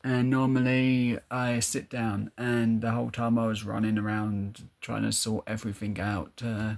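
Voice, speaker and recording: A man's voice: lowish voice, level tone, normal speed, gravelly. A man chatting casually to his live stream viewers, rambling a bit and laughing often. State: out of breath.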